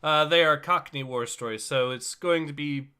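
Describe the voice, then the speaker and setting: Bright-voiced man hosting a livestream. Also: on the high side, moderate pace, smooth. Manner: chatty, many filler words and restarts. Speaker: livestream host. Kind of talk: casual livestream chat.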